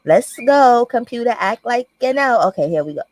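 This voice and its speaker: Brief: blunt, cussing livestream host, woman, a bit high, dry close mic. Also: animated, normal speed, a little mellow, no room sound, poor audio. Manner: blunt, profane, greets chat by name. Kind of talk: casual livestream commentary.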